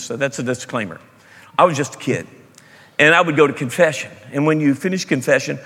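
Pastor, male, slightly high voice, animated sermon delivery, loud bursts and quiet asides, long reverb of a church hall. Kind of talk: sermon with storytelling.

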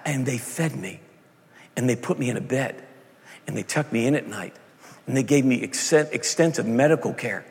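A man preaching in a big hall, his voice gravelly with fry. He tells a story quietly at first, then rises to loud, impassioned cries, and long reverb trails after every line. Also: medium pitch. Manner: storytelling, building to shouted passionate climaxes. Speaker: pastor. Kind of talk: sermon.

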